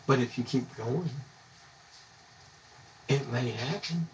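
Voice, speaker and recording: A man's voice: medium pitch, slow pace, distant mic. A man from the United States, ranting bluntly and indignantly on a live stream, rambling from one grievance to the next. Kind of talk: angry live-stream rant. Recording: voice a bit off-mic, faint background hum.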